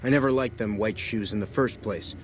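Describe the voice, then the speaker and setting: An actor playing a spoiled, brash young rancher's son with rough rural speech in a video game. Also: male voice, fairly low pitch, brisk, a little hiss or hum, close to an everyday voice.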